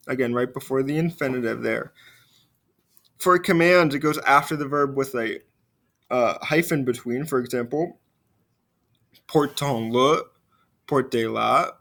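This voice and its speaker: A man teaching a recorded French grammar lesson. He explains step by step, slows down to model the French phrases, and drops quietly at the ends of phrases. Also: medium pitch. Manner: frequent fillers, trails off quietly at phrase ends.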